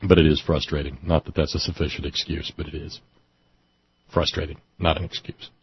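A man's voice: extremely low pitch, level tone, brisk, breathy edge, dry recording. A man hosting a casual talk show, rambling and self-deprecating as he wraps up the program. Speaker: host. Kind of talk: casual radio show chat. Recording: dull lo-fi sound.

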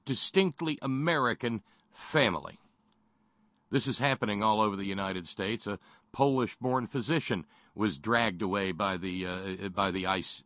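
A man's voice: lowish voice, fairly bright tone, no room sound, studio quality. A man hosting a radio talk show, speaking in a folksy, wry way with many fillers and restarts.

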